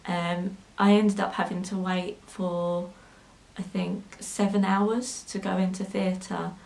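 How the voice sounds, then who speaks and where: A young woman tells her own story straight to camera for her vlog. She speaks at an ordinary middle pitch, pausing often with soft ums as she gathers her thoughts. Her delivery is hesitant and personal, now and then tinged with emotion. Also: level tone, creaky, poor audio. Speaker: sewing vlogger.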